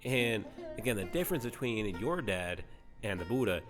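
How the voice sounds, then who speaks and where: Casual, profane male comic storyteller, lowish voice, over guitar music. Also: sing-song, moderate pace. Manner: profane, slangy, rambling with lots of "right?". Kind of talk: comedic storytelling explainer.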